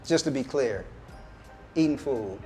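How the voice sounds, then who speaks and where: A man steers a food-and-health chat at a restaurant table, easygoing and quick to agree. His voice is middle-pitched, and soft music runs in the background. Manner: relaxed, affirming, casual slang. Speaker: interview host. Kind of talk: casual interview over a meal.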